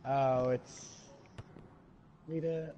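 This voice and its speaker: A man's voice: mid-range voice, steady tone, very slow, dark tone, a little hiss or hum. A man chatting casually with friends over voice chat during an online game, upbeat and chatty. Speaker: gamer on voice chat. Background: game music.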